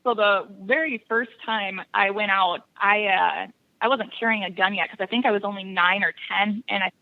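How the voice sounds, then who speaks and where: A woman from Wisconsin tells stories as a podcast guest, laughing easily between anecdotes. Her voice has a gravelly, fry-tinged edge at a medium pitch. The recording sounds muffled and lo-fi. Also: moderate pace. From Buffalo County, Wisconsin. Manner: laughs often, lively storyteller. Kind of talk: casual interview storytelling.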